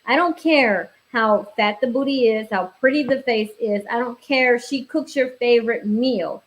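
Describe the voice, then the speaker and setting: A woman guest with a fairly high voice. She talks bluntly and assertively, laying out firm advice in a casual discussion. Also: moderate pace.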